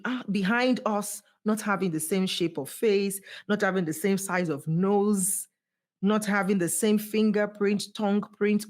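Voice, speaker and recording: A woman guest on a podcast, speaking as a voice coach in an animated, emphatic way, swooping high to stress her points. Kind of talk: motivational podcast conversation.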